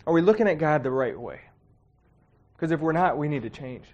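A man's voice: fairly high pitch, animated, a little fast, a little mellow, lo-fi sound. A man giving a casual, heartfelt sermon, talking conversationally with many fillers and getting emotional. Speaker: preacher.

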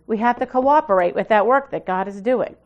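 A woman's voice: fairly quick, lo-fi sound. Woman preaching a conversational sermon. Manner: conversational, with frequent asides and restarts; swings from emphatic to soft and low. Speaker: pastor.

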